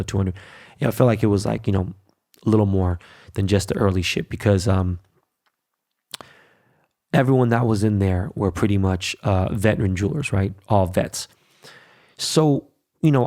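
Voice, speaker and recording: A brash middle-aged man talking straight into his own podcast mic. His voice sits low with a gravelly edge, and he talks blunt and profane, leaning on "right?" and "okay?" to drive points home. Casual monologue, no script. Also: darkish tone. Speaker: podcast host.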